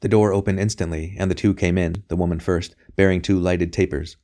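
A man narrating a novel as an audiobook reader, in a steady, even delivery. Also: low voice, fairly quick. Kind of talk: scripted narration.

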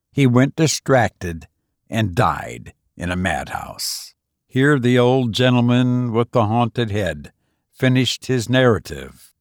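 Brief: male narrator, unhurried and deliberate, very dry close sound. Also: mid-range voice, no echo. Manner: measured, deliberate delivery. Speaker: podcast host and narrator. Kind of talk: scripted story reading.

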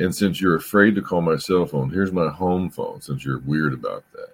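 Man, podcast host, very low husky voice, lively pitch, rambling and profane. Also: moderate pace. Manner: rambling storyteller, repeats words, swears. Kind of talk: casual chat.

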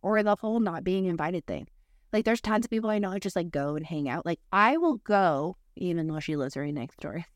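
A woman with a lower-pitched voice talks in loose, rambling casual chat on a podcast, piling on fillers and asides as she tells candid stories. The sound is close and dry, with no room around it. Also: lively intonation, brisk, dry recording. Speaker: podcast co-host.

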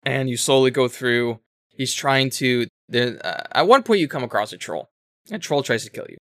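A man co-hosting a casual talk show, retelling a story in a rambling, animated way with self-corrections and swearing. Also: medium pitch, moderate pace, no room sound, studio quality. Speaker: podcast co-host explaining a game. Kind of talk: casual chat.

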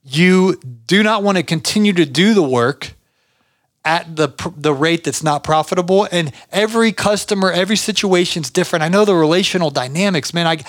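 A man's voice: sits high, brisk, dry recording, studio quality. A middle-aged man, hosting a podcast and giving casual business advice in a rambling, chatty way with many restarts. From Georgia, US. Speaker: podcast host.

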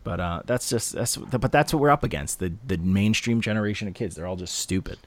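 A young man hosting a casual podcast chat, ranting about rap albums with animated, profane energy. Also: lowish voice, fairly quick, no room sound.

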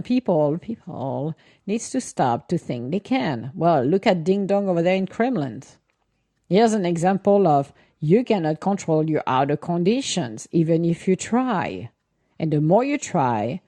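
Chatty woman with a dark, low voice. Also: no room sound. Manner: chatty, animated, acts out quoted voices. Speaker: host and intuitive reader. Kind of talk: casual live-stream chat.

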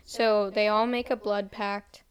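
A woman's voice: medium pitch, little pitch movement. A young woman casually retelling a horror movie plot to a friend, quoting the characters as she goes. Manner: fast casual recap, quoting characters in a light voice. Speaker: storyteller retelling a film.

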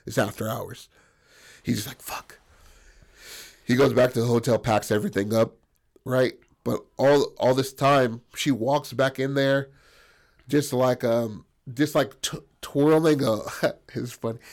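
A man's voice: medium pitch, a little mellow. A man improvising a crude comic story, rambling and profane, checking in with "bro" and "right?".

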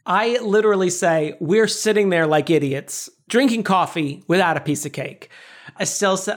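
A man co-hosting a casual podcast chat, laughing often and acting out shouted quotes. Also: high voice, normal speed. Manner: animated, laughs often, acts out shouted lines. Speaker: podcast co-host.

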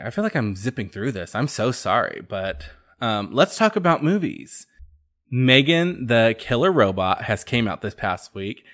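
A man hosting a podcast, chatting casually and sassily about pop culture gossip. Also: fairly low pitch. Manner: sassy, chatty, animated storytelling. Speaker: podcast host.

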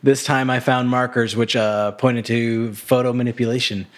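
A man's voice: mid-range voice, normal speed. A man co-hosting a podcast, casually recapping a TV episode with plenty of fillers. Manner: relaxed, loose recap full of fillers and laughs. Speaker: podcast co-host.

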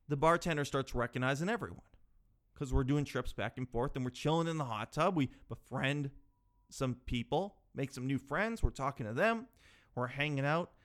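Animated man telling comic stories. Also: mid-range voice. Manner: animated, swings between loud yelling and mumbled asides. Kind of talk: comedic storytelling.

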